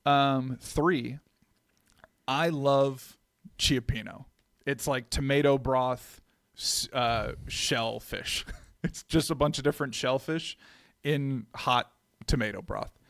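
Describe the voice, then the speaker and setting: A man's voice: mid-range voice, slow pace, fairly bright tone, dry recording, clean studio sound. A man co-hosting a podcast in casual chat, laid-back and swearing freely, often repeating himself. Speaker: podcast co-host.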